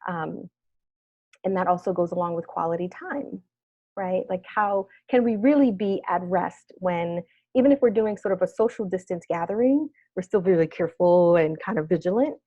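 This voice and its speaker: A woman therapist leading a wellness workshop discussion, speaking gently and reflectively and often checking in with "right?". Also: fairly low pitch, normal speed, dry recording. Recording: dull lo-fi video call audio.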